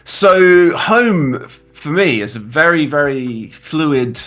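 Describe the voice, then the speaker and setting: A man's voice: fairly high pitch, animated, slow pace, fairly bright tone, faint music behind. A man from the UK in his thirties with a British accent, chatting casually as a guest designer on a livestream, rambling with many restarts.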